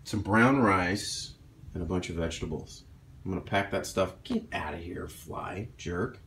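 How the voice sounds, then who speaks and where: A man's voice: sits low, unhurried, a bit bright, slight background noise, low-quality recording. A man, a doctor, chatting casually through a cooking vlog in his home kitchen, upbeat and self-deprecating. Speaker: doctor vlogging about meal prep. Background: kitchen sizzle.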